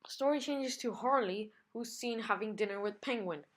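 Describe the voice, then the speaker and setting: A woman's voice: a little high, moderate pace. A woman narrating a comic book recap for her channel. She reads it aloud plainly, with a few fillers along the way.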